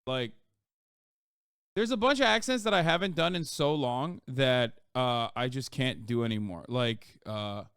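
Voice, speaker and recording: A man streaming live and chatting casually, rambling and swearing, his pitch leaping up when he gets worked up. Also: expressive, measured pace, clean tone, no room sound, studio quality. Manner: profane, rambling, with sudden loud jumps in pitch.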